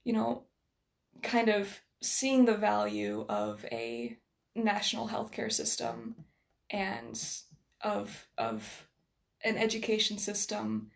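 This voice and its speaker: An American woman with a slight Scottish tinge to her accent chats casually as a guest, her mid-range voice gravelly, slow, and swinging widely in pitch. She's chatty and self-deprecating, with plenty of fillers and restarts.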